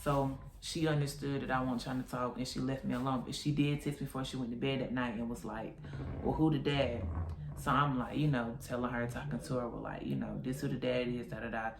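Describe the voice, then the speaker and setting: A woman's voice: extremely low pitch, brisk, creaky, a little hiss or hum. Young woman telling a story in a roomy echo. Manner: animated retelling with quoted voices. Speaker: vlogger. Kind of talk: casual storytime.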